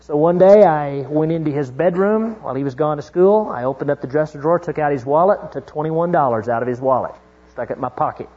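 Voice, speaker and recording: A middle-aged male pastor preaching a sermon, moving from hushed storytelling to fervent exhortation. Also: a little high, fast, husky. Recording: dull lo-fi recording.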